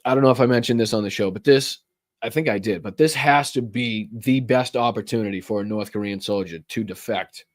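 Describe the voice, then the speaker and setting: A man's voice: on the low side, a little fast, dry recording, studio quality. A man with a Boston accent hosting a live political commentary stream, reading news aloud with sarcastic, profane asides. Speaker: political talk show host.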